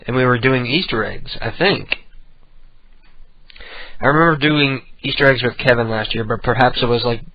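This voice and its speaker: Male host, mid-pitched, loose profane monologue; dry, slightly dull home mic. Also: moderate pace, long pauses, no room sound. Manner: rambling, profane, exasperated. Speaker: internet radio host. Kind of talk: casual solo radio show chat. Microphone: home desk microphone.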